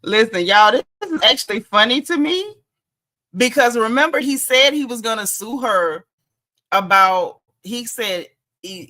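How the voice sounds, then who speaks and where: A woman's voice: fairly high pitch, pushed and bright. A woman hosting a casual gossip commentary show, chatty and sassy, laughing and reading blog posts aloud with her own asides. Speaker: host.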